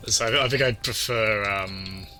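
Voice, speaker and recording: A man's voice: on the low side, unhurried, pushed and bright. Chatty man streaming a game. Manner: rambling and chatty, with many restarts. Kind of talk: casual let's-play chat. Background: game music.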